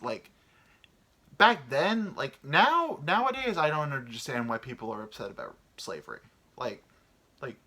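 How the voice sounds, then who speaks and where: A man's voice: medium pitch, sharp tone. A man in his thirties hosting a solo podcast, rambling and crude, with lots of fillers. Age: 30s. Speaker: podcast host. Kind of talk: casual solo podcast monologue.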